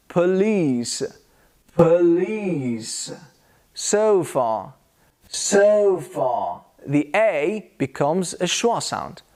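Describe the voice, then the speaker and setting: Slow, lively British male teacher. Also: on the high side. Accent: British English. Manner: slow, exaggerated demonstration of sounds with repeated examples. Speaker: English pronunciation teacher. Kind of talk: scripted lesson.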